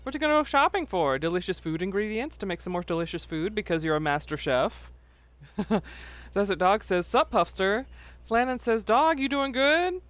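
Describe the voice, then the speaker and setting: A woman's voice: mid-range voice, animated, moderate pace, dry recording. A woman streaming live who chats casually, laughs often and reads viewers' messages aloud. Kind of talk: casual livestream chat.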